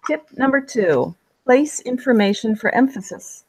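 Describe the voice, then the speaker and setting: A woman narrating a writing lesson in a clear, measured way, reading examples aloud with the odd slip. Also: a little high, expressive, darkish tone, dry recording, poor audio. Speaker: writing instructor. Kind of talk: scripted instructional narration.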